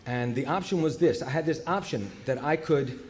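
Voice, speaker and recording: A man sharing his recovery story in a humorous, animated way, jumping between loud outbursts and hushed asides. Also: mid-range voice, moderate pace, slight background noise.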